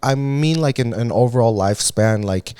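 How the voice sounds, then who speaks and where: A man chatting on a podcast at an ordinary pitch, recorded dry and close to the mic. He rambles and swears lightly, and every thought is padded with fillers. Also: brisk, mellow, smooth, no room sound. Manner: rambling, peppered with "like" and mild swearing. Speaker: podcast co-host. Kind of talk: casual chat.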